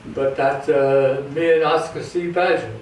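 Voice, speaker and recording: An older man recalling his navy days, halting and restarting as he goes. His voice sits a bit high for a man, and he sounds set back from the mic in an echoing room with faint hiss. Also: fairly even intonation, distant mic. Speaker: navy veteran interviewee. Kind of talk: casual storytelling.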